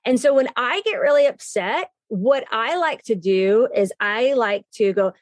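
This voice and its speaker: A woman with a higher voice hosts a podcast in a casual, affirming way. She chats easily and encourages her guest often. The recording is dry and close. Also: lively intonation, no room sound. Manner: affirming and chatty, quick agreeing responses. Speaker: podcast host. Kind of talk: casual conversational interview.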